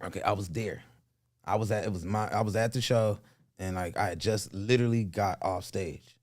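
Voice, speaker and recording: A man telling a story as a guest comedian in a casual podcast chat, animated and full of slang. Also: on the low side, moderate pace.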